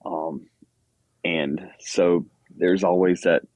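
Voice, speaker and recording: A man's voice: sits low, steady tone, very slow, darkish tone, no echo. A man guest on a podcast, talking casually with lots of fillers and self-deprecating asides. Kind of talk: casual chat.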